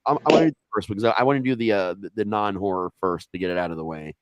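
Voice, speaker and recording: A man from Ohio with an Ohio accent telling a wild personal story in casual, animated talk, swearing freely and jumping up in pitch when quoting himself. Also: racing, a loud crowd, rough recording.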